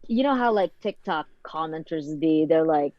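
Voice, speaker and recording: A talkative woman from the Philippines chats on a podcast, her voice sitting a little low. She rambles freely and peppers everything with "like". The sound is dull and lo-fi, with a faint hiss underneath. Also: animated, normal speed. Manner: chatty, talks nonstop with lots of "like". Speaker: podcast guest, content creator. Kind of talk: casual chat.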